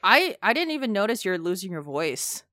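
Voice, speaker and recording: A woman's voice: medium pitch, big pitch swings, normal speed, pushed and bright, no echo, clean studio sound. A peppy young woman co-hosting a podcast, telling a story in casual chat. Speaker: podcast co-host.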